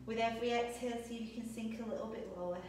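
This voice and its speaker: A young adult woman teaching a yoga class, calmly cueing breaths and poses, a little out of breath. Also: a little high, rapid-fire, noisy background. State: slightly out of breath. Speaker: yoga instructor. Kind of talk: guided yoga class instruction. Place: yoga studio. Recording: echoey room, voice a bit distant.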